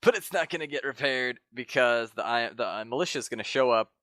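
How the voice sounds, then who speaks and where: A man's voice: mid-range voice, fairly quick, a bit bright, no room sound, studio quality. A man co-hosting a podcast in casual chat, rambling and swearing casually with many fillers. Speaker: podcast co-host.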